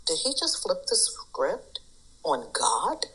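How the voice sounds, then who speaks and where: Female podcast guest, animated storyteller, bright tone, casual chat. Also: low-pitched, slow pace, poor audio. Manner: animated storyteller, mimics others.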